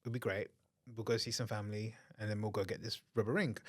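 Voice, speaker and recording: A man's voice: fairly low pitch, steady tone, fast talker. A man co-hosting a podcast, telling a story bluntly in casual chat and swearing freely. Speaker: podcast co-host.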